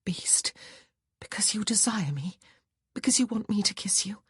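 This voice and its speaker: An earnest young bride pleads and insists in a lifted, slightly husky voice, as a man puts her on. Her words often sink to a breathy hush in a dry, close audiobook recording. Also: high-pitched, expressive, normal speed, no room sound, pitched above the performer's own voice. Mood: whispered. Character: determined young noblewoman bride. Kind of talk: audiobook character voice.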